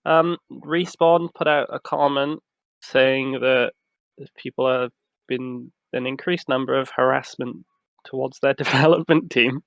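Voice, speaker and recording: A man's voice: medium pitch, steady tone, measured pace, creaky, fairly bright tone, no echo. A man co-hosting a podcast, leading the segments by reading out news items in casual chat, often laughing. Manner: leads the segments, giggly. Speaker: podcast co-host.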